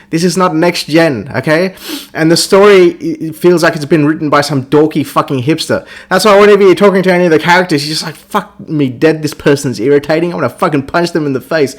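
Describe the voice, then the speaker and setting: Dude on a podcast ranting about a game, swears nonstop, slightly high voice. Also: male voice. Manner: crude, swears constantly, mocks characters in squeaky voices. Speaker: podcast host reviewing a game. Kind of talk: casual profane rant.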